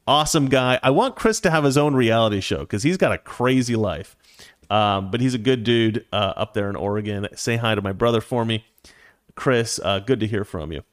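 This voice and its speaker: A man's voice: lowish voice, moderate pace, no room sound. Opinionated man hosting a dry-miked talk show. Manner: opinionated, talks straight to viewers. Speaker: show host. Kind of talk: casual political commentary with viewer chat.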